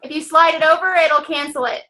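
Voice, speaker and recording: Southern woman co-host explaining step by step, upbeat, high bright voice. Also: fairly even intonation, fairly quick. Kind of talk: casual chat.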